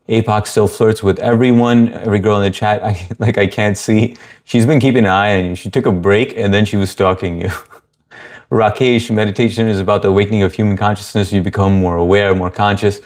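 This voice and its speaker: A man's voice: lowish voice, a little mellow. A man hosting a casual livestream, reading viewer comments aloud and greeting people by name in an easygoing way. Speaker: livestream host.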